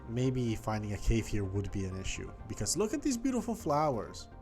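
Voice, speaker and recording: A man's voice: lowish voice, huge pitch swings, a little fast, a little mellow, soft background music. Chatty man narrating his gameplay. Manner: chatty, thinking aloud, talks to the game world. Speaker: gaming YouTuber. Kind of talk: casual gameplay commentary.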